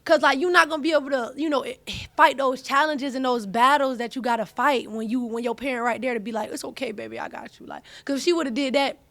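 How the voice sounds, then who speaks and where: A woman's voice: high voice, fairly even intonation, fast talker, few pauses, a bit bright, dry recording. A young woman, hosting a casual chat, talking animatedly in slang and repeating herself. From US South (Atlanta). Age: young adult. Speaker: host, college athlete.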